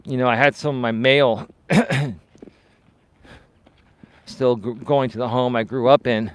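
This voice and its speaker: A male life coach tells a personal story live while walking outdoors, his medium-pitched voice clear and resonant at a moderate pace. Candid and animated, he grows loud and heated.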